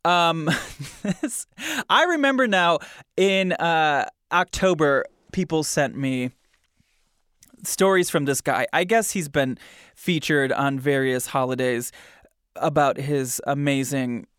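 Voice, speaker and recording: A man's voice: fairly high pitch, takes it slowly, fairly bright tone, clear, resonant tone, no echo, studio quality. A man hosting a podcast, chatting casually with amused asides and reading out a news item. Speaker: podcast host.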